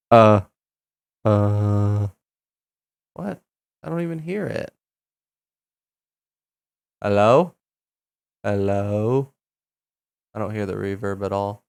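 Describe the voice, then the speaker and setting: A man's voice: lowish voice, slow, creaky, long pauses, darkish tone, smooth, no echo. A man hosting his channel, chatting casually to himself as he tries out voice effects and mutters his reactions. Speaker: channel host. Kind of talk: casual chat while trying out voice effects.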